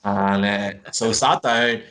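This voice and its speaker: Irish man, low voice, casual video-call chat, swears a lot, rambling anecdote. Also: steady tone, slow, a bit bright, soft background music. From Ireland. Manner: swears freely, storytelling with many fillers. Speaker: podcast guest.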